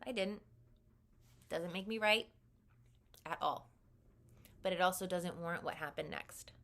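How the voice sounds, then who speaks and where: A woman's voice: fairly low pitch, measured pace, a bit bright. A young woman vlogger candidly telling a personal story in a conversational way, often saying "like".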